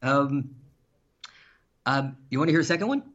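A man telling stories in casual chat, animated and laughing, with some swearing. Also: medium pitch, normal speed. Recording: dull lo-fi sound.

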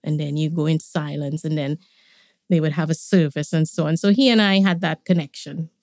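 A woman, a podcast guest, tells stories about her family in a relaxed way and laughs often. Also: sits low, fairly quick, no echo, studio quality. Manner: warm reminiscing, laughs often. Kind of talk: conversational storytelling.

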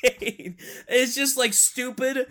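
A co-host in casual chat, excitable, laughing and swearing often. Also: high-pitched, extremely slow, slight background noise.

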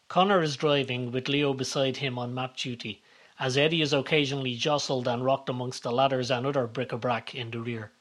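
Guy narrating a comedy drama, calm measured storytelling, middle-pitched. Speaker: narrator and author of the series. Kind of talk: scripted audio story narration.

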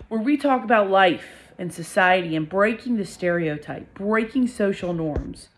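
A young woman hosts her podcast and tells a personal story in a candid, animated voice. Her pitch jumps up and down as she stresses her points and repeats words for effect. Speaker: podcast host.

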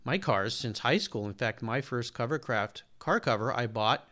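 Speaking at a moderate pace with a bright, forceful tone and medium pitch, this man in his sixties is a podcast host taking his turn as interviewee. He goes on at length, casual yet earnest and full of detail.

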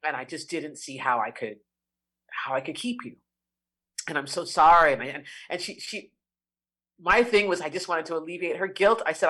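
A woman's voice: sits low, husky. Heartfelt woman telling her story. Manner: heartfelt, expressive, slows down to savor words. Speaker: interview guest. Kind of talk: emotional personal storytelling.

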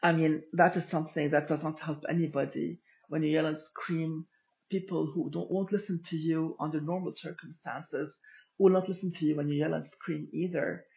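A woman hosting a podcast, talking through her views in a slow, reflective solo monologue with frequent pauses. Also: deep voice, steady tone, creaky, darkish tone, dull audio. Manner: slow and deliberate, explaining with pauses. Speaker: podcast host.

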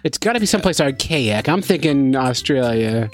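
A man on a comedy quiz panel, trading wisecracks and deadpan asides. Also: mid-range voice, normal speed, faint music behind. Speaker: panel contestant. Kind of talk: casual comedy banter.

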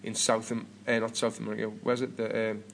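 A man's voice: on the low side, completely flat delivery, brisk, gravelly, slight background noise. A British man in his thirties hosting a podcast, chatting casually and rambling with lots of restarts and repeated words. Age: 30s. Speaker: podcast host.

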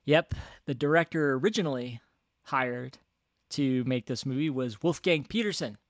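A man co-hosting a casual movie podcast, calmly explaining a film's production history. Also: medium pitch, moderate pace, no room sound, studio quality. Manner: relaxed, explaining film history. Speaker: podcast co-host.

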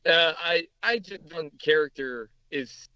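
A man's voice: a little high, lively intonation, slow pace, bright, forceful tone, clear, resonant tone, dry recording, highs cut off. A man co-hosting a casual podcast chat, rambling with lots of restarts. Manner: rambling, many restarts and fillers. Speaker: podcast co-host. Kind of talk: casual chat about movies.

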